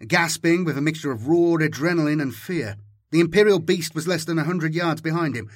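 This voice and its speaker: A man's voice: fairly high pitch, no echo. A man doing dramatic scripted audiobook narration on a close mic. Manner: dramatic, animated storytelling.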